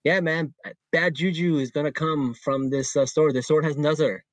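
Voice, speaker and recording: A man hosting a podcast in relaxed casual chat, talking loosely with plenty of "like" and "man". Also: fairly high pitch, normal speed, no echo. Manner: easygoing, filler-heavy talk with many "like" and "man". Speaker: podcast host.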